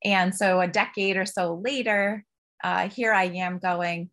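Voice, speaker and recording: A woman, a guest on a podcast, telling personal stories in an open, emotional and expressive way. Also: mid-range voice, unhurried. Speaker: podcast guest, business coach. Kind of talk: candid personal storytelling.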